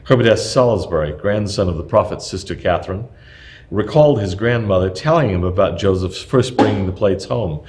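A man narrating a nonfiction history text aloud, reading at a measured, even pace. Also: fairly low pitch.

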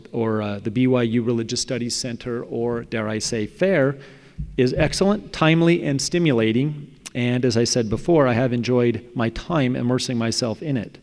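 A man reading a prepared talk in a measured, thoughtful way, often trailing off at the ends of phrases. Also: mid-range voice, darkish tone. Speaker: speaker presenting a paper. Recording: long hall reverb.

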